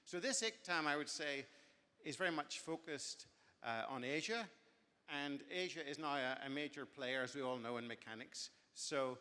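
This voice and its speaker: A man's voice: mid-range voice, sharp tone. A man giving a genial, rambling after-dinner speech at a banquet, often correcting himself as he goes. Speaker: speaker. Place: banquet hall. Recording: long hall reverb.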